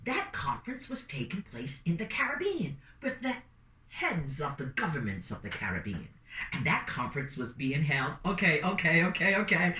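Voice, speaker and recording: A woman telling a story in an animated, playful way, calling out to her listeners. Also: sits low, brisk, far from the mic, slight background noise. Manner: lively, playful, calls out to listeners. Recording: roomy sound from away from the mic.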